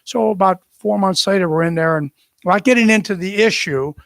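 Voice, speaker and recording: Brief: older ex-officer in his sixties, fairly high voice, lively anecdotal delivery, dry close sound. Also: fairly quick, vocal fry, dry recording. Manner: animated storyteller who acts out the people in his story. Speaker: retired military officer. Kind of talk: anecdotal storytelling.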